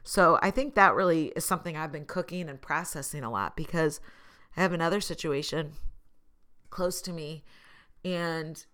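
A woman with a notably low-pitched voice talks straight to her viewers in a loose, reflective monologue. She is earnest and open, and she pokes fun at herself with easy laughs. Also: moderate pace, pushed and bright. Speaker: vlogger.

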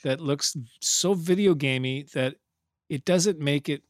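A man's voice: fairly high pitch, a little slow, no echo, studio quality. A man co-hosting a podcast in casual chat, joking and rambling, laughing often. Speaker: podcast co-host.

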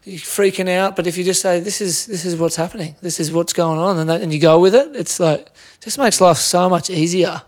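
A man's voice: high voice, a little fast, hardly any pauses. A man with an Australian accent, a musician as a podcast guest, talking reflectively and rambling with many fillers. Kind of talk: casual conversation.

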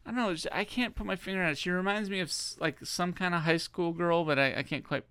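A man's voice: high-pitched, fast talker, clean tone, no room sound. A man co-hosting a podcast, chatting casually and animatedly, swearing often. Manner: animated, swears, laughs between remarks. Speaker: podcast co-host. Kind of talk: casual chat.

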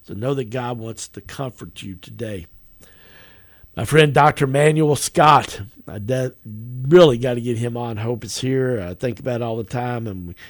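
A middle-aged man giving a devotional message as a pastor, gentle and conversational, speaking straight to the listener. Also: medium pitch, normal speed.

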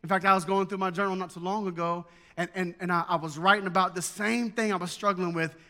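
A man's voice: high voice, steady tone, fast, sharp tone, long reverb tail. A man, preaching a sermon in a folksy, joking way that builds to emphatic preaching. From Southern United States. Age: 40s. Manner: folksy storytelling with jokes, rising to emphatic preaching. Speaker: pastor.

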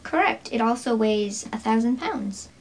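A woman's voice: fairly high pitch, animated, moderate pace. A woman answering and reading trivia in casual chat, dry and offhand. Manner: dry, offhand, mildly reluctant. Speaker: trivia quiz partner.

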